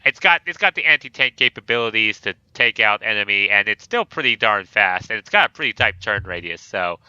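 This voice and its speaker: A man with a very bright, sharp and smooth voice hosts a relaxed gaming chat. He talks in an easygoing, joking way. The sound is dull and lo-fi, with a dry, close mic. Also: fairly low pitch, a little fast, no echo. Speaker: host.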